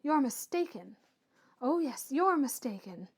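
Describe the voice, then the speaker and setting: A woman reading aloud and voicing a proud, earnest young Swiss woman who speaks softly and with restraint. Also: high voice, sing-song, unhurried, exaggerated voice. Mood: defiant.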